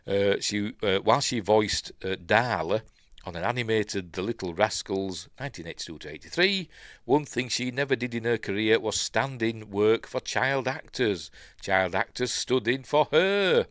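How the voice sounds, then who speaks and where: A man's voice: on the low side, lively intonation, normal speed, a bit bright, dry recording, studio quality. An older man with a Yorkshire accent, hosting a casual news live stream, rambling and reading chat comments aloud. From Yorkshire, England.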